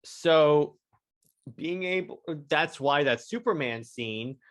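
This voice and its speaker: A young adult man hosting a solo podcast review, talking excitedly and rambling with many stammered restarts. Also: on the high side, slow pace. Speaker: podcast host.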